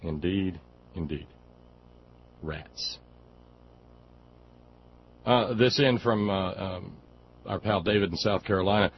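A sarcastic man hosting a talk radio show, his voice sitting low. He rants combatively and stumbles over fillers as he goes. The audio is dull and lo-fi, with a faint hiss underneath. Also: slow, pauses often. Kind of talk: political talk radio monologue.

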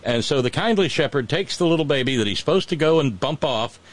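A man in a casual chat who retells ancient myths with relish and irreverence. He talks in an animated, loose way, dropping in quick character voices. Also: on the high side.

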